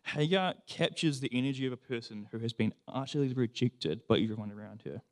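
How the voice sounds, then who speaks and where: A man preaching a sermon, reading scripture and then telling a story in a lively, conversational way, acting out quoted voices. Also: mid-range voice, a little fast.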